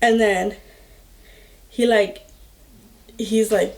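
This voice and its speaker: A young woman vlogger telling a personal story in a slow, halting way, full of filler words. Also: fairly high pitch, steady tone, darkish tone. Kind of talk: storytime vlog.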